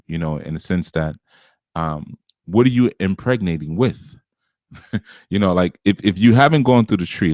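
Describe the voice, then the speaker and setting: A man's voice: low-pitched, darkish tone, no echo, clean studio sound. A man teaching a spiritual class in a loose, conversational way, with frequent asides and an occasional chuckle. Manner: conversational, with frequent asides like "you know" and "you see"; chuckles now and then. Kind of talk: casual spiritual lecture.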